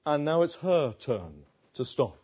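Male preacher, slow and breathy, dull lo-fi recording. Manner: expressive, with dramatic pauses and soft, hushed lows. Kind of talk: expository sermon.

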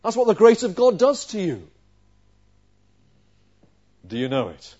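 A man preaching a sermon in a fairly high voice. He keeps asking his listeners questions and swings between emphatic, louder lines and hushed asides. The recording sounds dull and lo-fi. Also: sing-song, unhurried. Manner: asks the listeners questions, swings from loud stresses to quiet asides. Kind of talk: expository sermon.

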